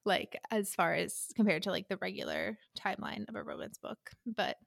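A young woman co-hosting a podcast, chatting casually and retelling a book's scenes in an opinionated, animated way. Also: mid-range voice, normal speed, vocal fry, no echo, studio quality. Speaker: podcast co-host. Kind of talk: casual chat discussing a romance book.

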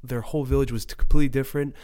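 A man's voice: medium pitch, steady tone, very fast, mellow. A young man in casual podcast chat, telling stories animatedly and swearing casually.

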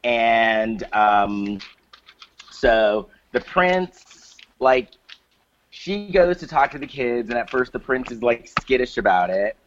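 A man's voice: medium pitch, animated, takes it slowly, dull audio, a little hiss or hum. A man co-hosting a casual podcast, recapping a movie plot with lots of fillers and restarts. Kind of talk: casual chat.

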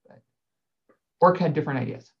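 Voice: mid-range voice, fairly quick. Rambling guest on a dull line. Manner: rambling, many fillers and restarts. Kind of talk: casual conversation. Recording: dull lo-fi sound.

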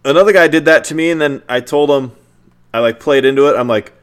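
A man co-hosting a podcast in casual chat, an animated storyteller who swears freely. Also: fairly high pitch, fast talker, clear, resonant tone. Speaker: podcast co-host.

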